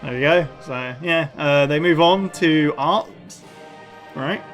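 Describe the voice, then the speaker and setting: A man's voice: fairly high pitch, takes it slowly, a bit bright, dull audio, soft background music. A man co-hosting a reaction video, chatting casually and laughing often as he retells scenes. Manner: laughs often, quotes scenes in little put-on voices. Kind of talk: casual chat.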